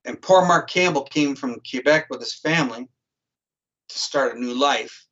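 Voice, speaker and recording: Through dull, lo-fi stream audio comes a man's mid-range, slightly bright voice at normal speed. He's a psychic criminal profiler appearing as a talk show guest, recounting a story casually in a vivid, blunt, profane way.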